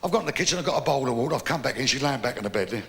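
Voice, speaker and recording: Gravelly man telling rough jokes live. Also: medium pitch, lively intonation, racing. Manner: rough, rambling joke-telling with crude asides. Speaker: comedian. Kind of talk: live stand-up comedy. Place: live comedy venue. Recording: live hall reverb with faint ambience.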